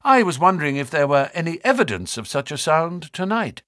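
A man's voice: sing-song, fairly quick, a bit bright, no room sound, studio quality. Man putting on a fussy, jittery naturalist. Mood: polite. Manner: high, fluttering exclamations. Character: jaunty, nervous male naturalist, fussy and overly polite.

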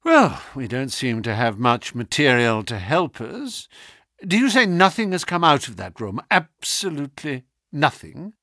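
A man voicing Sherlock Holmes, a keen and sharp-minded detective who speaks in a measured, probing and lecturing way, in an audiobook reading. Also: medium pitch, big pitch swings, no room sound, studio quality, exaggerated voice.

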